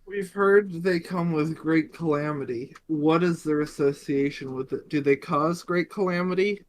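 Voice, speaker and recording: A man's voice: a little high, moderate pace, a little hiss or hum. A man playing a tabletop game, asking strings of questions in a casual way. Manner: inquisitive, strings questions together. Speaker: player.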